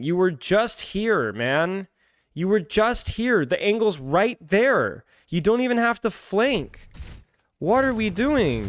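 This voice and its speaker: A man's voice: fairly high pitch, sing-song, unhurried, slight background noise. Exasperated man reviewing a match. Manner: exasperated, rambling, repeats phrases over and over. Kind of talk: casual game review commentary.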